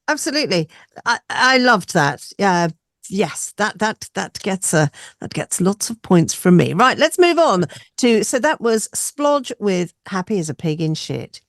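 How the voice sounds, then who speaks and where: Lively, chatty woman hosting a panel. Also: medium pitch, measured pace, no echo, studio quality. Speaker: radio show host. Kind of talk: casual panel chat.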